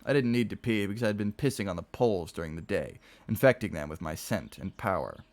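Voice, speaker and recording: A man reading a novel aloud on a stream, with expressive storytelling delivery. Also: deep voice, fairly quick.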